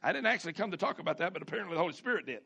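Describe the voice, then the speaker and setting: Male pastor, high bright voice, folksy sermon delivery with call-and-response. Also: expressive, creaky, husky, dull audio. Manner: folksy preaching with call-outs, repeats and drawn-out emphasis.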